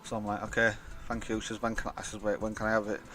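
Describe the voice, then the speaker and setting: A man's voice: on the low side, completely flat delivery, very fast, over music. A young man telling a rambling, blunt, sweary story in a casual vlog. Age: young adult. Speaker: vlogger.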